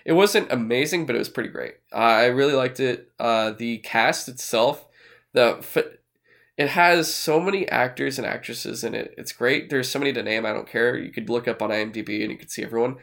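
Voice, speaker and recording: A man's voice: mid-range voice, a little fast, gravelly, a bit bright. A man co-hosting a casual podcast, rambling with fillers and restarts, swearing now and then. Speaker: podcast co-host. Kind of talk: casual chat.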